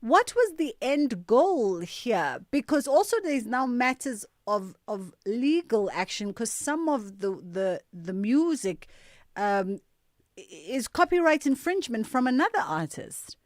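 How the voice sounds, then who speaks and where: A woman hosting a radio talk show, speaking in an animated way, drawing out words for emphasis. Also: on the high side, measured pace, no room sound, studio quality.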